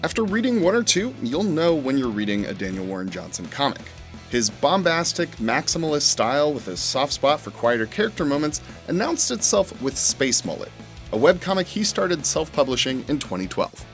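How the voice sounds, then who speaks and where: A man's voice: on the high side, very animated, moderate pace, a bit bright, soft background music. A male show host delivering scripted narration between interview clips, with an enthusiastic, announcer-like delivery.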